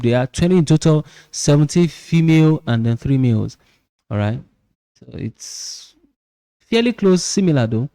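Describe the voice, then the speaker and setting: A man gives a psychology lesson in a relaxed, mellow voice. He explains each point step by step, often repeats words, and keeps checking in with his listeners. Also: medium pitch, gravelly. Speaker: psychology teacher. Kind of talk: lecture explanation.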